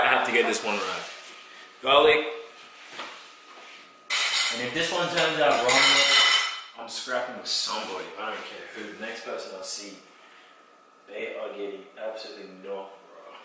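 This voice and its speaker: A man's voice: fairly low pitch, moderate pace, pauses often. A young man talking casually to the camera as he cooks in a home kitchen, rambling and slangy. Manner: slangy, rambling, talks to camera while cooking. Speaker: vlogger. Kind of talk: casual cooking vlog. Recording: echoey kitchen with clear background noise.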